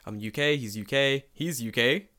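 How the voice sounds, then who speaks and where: Speaking at a moderate pace with a sharp edge, this mid-range male voice belongs to a man living in Japan. On a laid-back podcast, he spins profane anecdotes and performs the quoted lines in character.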